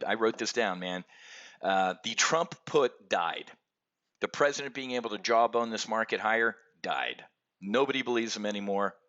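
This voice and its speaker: A middle-aged man hosting an options trading show, giving a brash, energetic market commentary rant and calling out to the folks watching. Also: mid-range voice, dull audio. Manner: brash and animated, keeps addressing folks.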